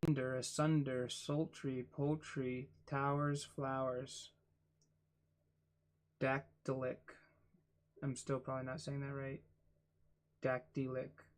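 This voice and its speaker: A man reading a book aloud for his channel, spelling out words letter by letter and adding quiet asides. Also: mid-range voice, level tone, a little slow, hardly any pauses. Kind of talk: casual read-aloud.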